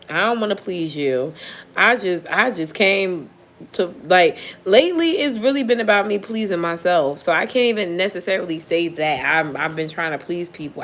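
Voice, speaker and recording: A woman's voice: on the low side, a bit bright. A woman who reads tarot, telling a story in casual chat with blunt, profane talk and frequent laughter. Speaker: tarot reader.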